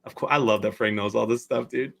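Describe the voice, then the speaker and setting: A man's voice: mid-range voice, fairly even intonation, quick pace, vocal fry, a bit bright. A man co-hosting a casual live sports stream, easygoing and laughing as he reads things out. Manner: easygoing, laughs while reading aloud.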